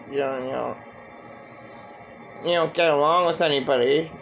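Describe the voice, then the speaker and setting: A man giving a halting, rambling personal monologue with many fillers and restarts. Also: a little high, creaky, a bit bright, dull audio, soft background music. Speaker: vlogger.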